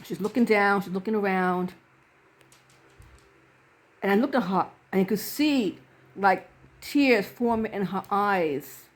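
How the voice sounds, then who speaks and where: A woman's voice: mid-range voice, unhurried, long pauses. Earnest woman telling a personal story. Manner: earnest, retells a scene with quoted dialogue. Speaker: reverend.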